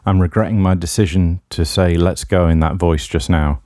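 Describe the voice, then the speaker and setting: A very deep-voiced man hosts a music radio show, talking between tracks. His tone is mellow and dark, and he rambles in a wry, self-deprecating way. The sound is dry and close, with no room around it. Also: steady tone, normal speed, no room sound. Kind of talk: casual radio DJ links.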